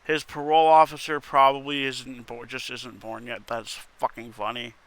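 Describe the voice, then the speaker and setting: A man's voice: medium pitch, level tone, normal speed, fairly bright tone. A man reading internet posts aloud in casual commentary, wry and muttering, with casual swearing. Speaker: content creator reading posts.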